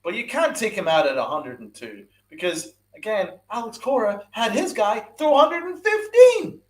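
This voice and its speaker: Man angry sports podcast host, repeats and swears, big pitch swings. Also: sing-song, normal speed. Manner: ranting, repeats himself, swears, asks rhetorical questions. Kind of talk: angry sports rant with live chat.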